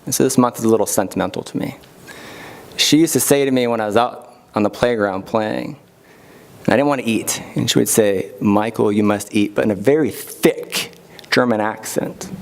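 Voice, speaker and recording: A man's voice: medium pitch, normal speed, vocal fry. A middle-aged man giving a heartfelt acceptance speech at an awards event. He thanks people one by one, with light asides.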